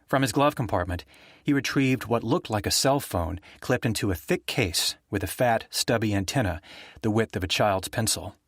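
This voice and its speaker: A man narrating a thriller audiobook in a steady, even storytelling manner. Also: lowish voice, moderate pace, no echo, studio quality.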